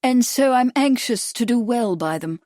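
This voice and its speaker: A woman's voice: mid-range voice, moderate pace, darkish tone, no room sound, studio quality, close to an everyday voice. A woman voicing a foppish upper-class English lord with an exaggerated posh lisp and a fatuous, expansive manner, in an audiobook. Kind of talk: audiobook character voice.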